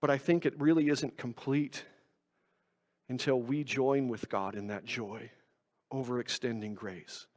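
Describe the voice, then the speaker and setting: A pastor speaks unhurriedly in a medium-pitched, slightly mellow voice with fairly even intonation. His sermon is conversational and self-mocking, with rhetorical questions to the congregation, and long church reverb fills the sanctuary.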